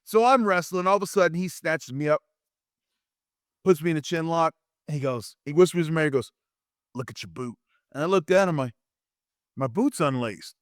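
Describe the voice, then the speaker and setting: A man in his fifties, a former wrestler and interview guest, telling lively anecdotes and acting out quotes with frequent restarts. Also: fairly high pitch, brisk, long pauses, dry recording, clean studio sound. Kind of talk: animated storytelling in a podcast interview.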